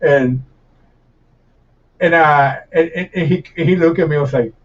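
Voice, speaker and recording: A man's voice: fairly high pitch, unhurried. Puerto Rican-accented man telling stories. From Puerto Rico. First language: Spanish. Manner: animated storyteller, swears freely, laughs while telling stories. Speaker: chef guest. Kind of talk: casual podcast conversation. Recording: distant, dull lo-fi mic.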